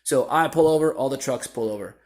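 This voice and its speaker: A man tells a story in an easy, casual way, middle-pitched and plain. He gets animated as he goes and acts out other people's lines. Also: fairly quick. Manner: animated, acts out shouting voices in quotes.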